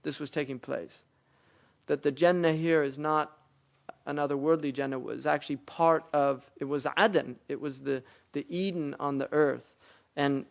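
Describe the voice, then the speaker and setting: A man's voice: medium pitch, gravelly. A man giving a religious lecture, explaining Arabic words and verses, often rising into emphatic explanation. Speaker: Islamic teacher.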